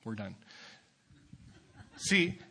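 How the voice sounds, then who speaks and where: Bright-voiced young preacher man. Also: extremely slow. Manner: swings from quiet asides to loud, fervent preaching. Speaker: youth pastor. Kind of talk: sermon.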